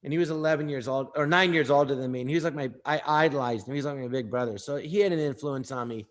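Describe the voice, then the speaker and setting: A man, an actor and comedian, telling anecdotes in a casual interview, lively and quick to slip into impressions of the people he quotes. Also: medium pitch.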